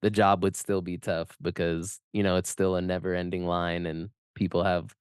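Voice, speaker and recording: A man who is a podcast guest, answering questions about his fast-food job in a measured, casual way. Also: deep voice, level tone, clear, resonant tone, dry recording, clean studio sound.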